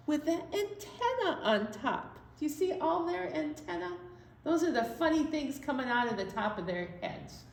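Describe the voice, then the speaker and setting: A woman with a high, bouncy voice that swoops widely as she hosts a children's storytime. She reads slowly and sing-song, drawing out each line for small listeners, with playful asides. The room around her rings with echo. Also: a bit bright. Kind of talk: reading a counting story to young children. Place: library room. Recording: echoey room.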